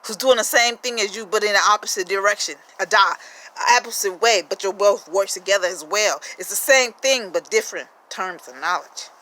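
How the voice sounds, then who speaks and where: A woman's voice: medium pitch, a little fast, pushed and bright, rough recording. A woman giving a rambling, profane spiritual monologue, firing off rhetorical questions with emphatic energy. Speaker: spiritual vlogger.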